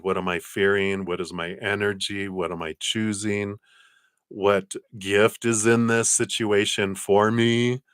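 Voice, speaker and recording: A low-voiced middle-aged man talks through tarot cards on a live stream, gentle and encouraging as he gives spiritual advice. The sound is close and dry, with no room around it. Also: dry recording. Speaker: tarot card reader. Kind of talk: live-stream card reading.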